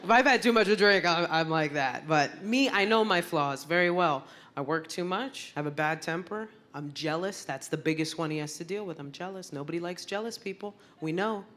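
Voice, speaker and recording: A woman comedian doing a stand-up set, brash and animated, landing blunt punchlines. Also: lowish voice, fairly quick, hardly any pauses. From Puerto Rican heritage. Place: comedy stage before a crowd. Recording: live club with loud audience laughter and noise.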